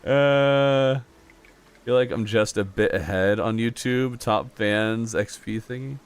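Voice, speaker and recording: A man streaming a video game, chatting casually with his chat and laughing often in a jokey, animated way. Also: on the low side, slow, smooth. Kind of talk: casual live-stream chat, reading chat aloud.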